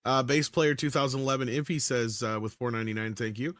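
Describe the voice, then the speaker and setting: A man's voice: mid-range voice, fast, no echo, clean studio sound. A man hosting a live stream, casually reading viewer comments aloud. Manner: relaxed, reads donor comments aloud. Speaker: host reading chat.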